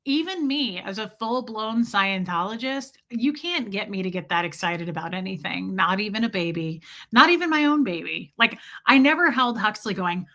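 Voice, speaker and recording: A forties-aged woman livestreams, chatting casually in a slightly high, animated voice that sounds pushed and bright at a normal speed. She reads viewer comments and frankly recounts stories, bluntly quoting what others said.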